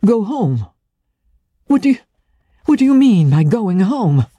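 A woman's voice: lowish voice, lively intonation, unhurried, dark tone, no echo, voice pushed up. A woman reading aloud, voicing a young man who is an impatient, passionate lover and presses with urgent questions.

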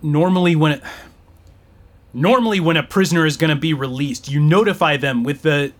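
A man's voice: fairly high pitch, a little fast, lightly acted. A man playing a flustered, hesitant man who repeats an unseen voice's words aloud, stammering and apologizing in an audio drama. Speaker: human relaying an alien's words.

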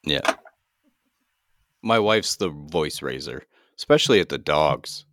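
A man's voice: a bass voice, lively intonation, slow pace, background noise. A man hosting a podcast in casual chat, laid-back, swearing freely and laughing often. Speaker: podcast host.

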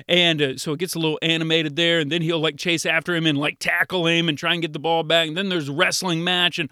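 Bright-voiced pastor man talking to kids. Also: fairly high pitch, quick pace, hardly any pauses, dry recording, studio quality. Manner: lively, storytelling, acts out quoted kids. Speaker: children's pastor. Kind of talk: kids' devotional talk.

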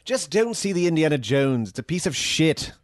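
A man's voice: on the high side, sing-song, moderate pace, no room sound, clean studio sound. A man voicing a male AI chatbot in a comedy sketch, pompous and condescending with theatrical flair. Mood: haughty. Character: snooty, sarcastic male AI chatbot.

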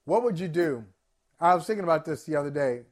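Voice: medium pitch, expressive, quick pace, a little mellow. A co-host in a casual sports debate, emphatic and incredulous, scolding in a mocking way.

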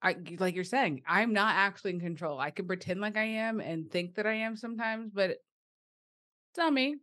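Woman host, mid pitch, affirming, casual interview chat. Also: moderate pace, a bit bright.

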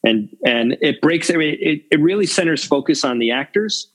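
A man's voice: a little high, lively intonation, normal speed, fairly bright tone, slightly rough, poor audio. A man talking casually in an interview about cinematography, rambling with many restarts and "you know"s. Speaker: cinematographer guest.

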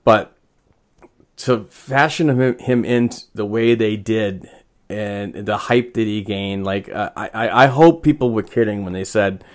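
A man talking in casual sports chat, rambling and agreeable, with halting restarts. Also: lowish voice. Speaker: podcast co-host.

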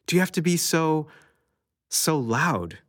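A man's voice: big pitch swings, slow, fairly bright tone, no room sound, clean studio sound, full character voice. A man voicing a stern, exasperated middle-aged mother who scolds her grown child in a raised, strained voice. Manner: scolding, high-strung.

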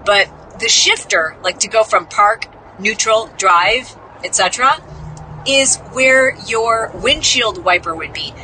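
A woman's voice: mid-range voice, background noise. A woman from the Midwest, a podcast host, telling a story in a casual, chatty, self-mocking way and acting out the people she quotes.

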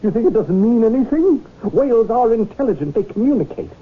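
A man's voice: extremely high pitch, big pitch swings, brisk, breathy edge, full character voice. An actor playing a pompous, theatrical man devoted to his whale, in a 1970s radio drama, grandly preaching his cause. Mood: earnest. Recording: tinny lo-fi old radio broadcast.

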